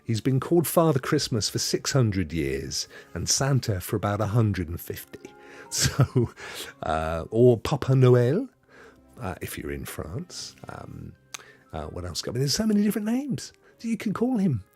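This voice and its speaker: Guy chatting on his stream, husky voice, goofy rambly tall tales, faint music behind. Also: medium pitch, huge pitch swings, unhurried, a little mellow. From Devon, England. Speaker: host. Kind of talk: casual livestream chat with viewers.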